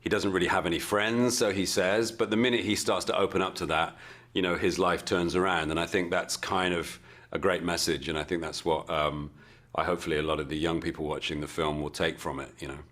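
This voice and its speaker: Deep-voiced English man, halting answers. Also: steady tone, a bit bright. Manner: halting, repeats words and fillers as he thinks. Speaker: film actor interviewee. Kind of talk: casual interview answers.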